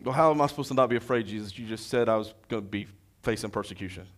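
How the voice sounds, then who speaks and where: A man voicing an anxious churchgoer, with rapid, fretful complaining. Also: fairly low pitch, natural voice. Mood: worried.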